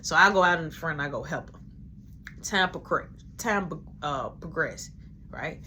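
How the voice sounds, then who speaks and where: A man's voice: fairly high pitch, a little hiss or hum. A man casually telling a story about a shift at work, animatedly acting out everyone's lines. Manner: animated, acts out dialogue, quick quoting.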